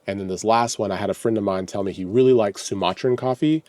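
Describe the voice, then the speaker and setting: A man's voice: lowish voice, quick pace, a little mellow, dry recording. A man from Texas talking casually in a vlog, easygoing and self-deprecating, reading product notes aloud as he shops. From Texas, USA. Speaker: home coffee roaster vlogger.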